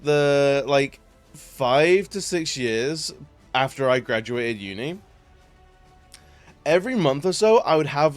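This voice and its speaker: A young man in his twenties chatting casually on a live stream, rambling and laughing often. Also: fairly high pitch. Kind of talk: casual chat.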